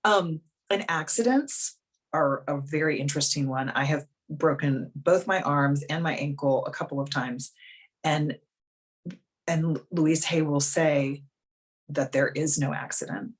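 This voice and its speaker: A woman's voice: sits low, measured pace, breathy edge. A woman life coach hosting a live video coaching call, talking frankly and bluntly in a casual, chatty way.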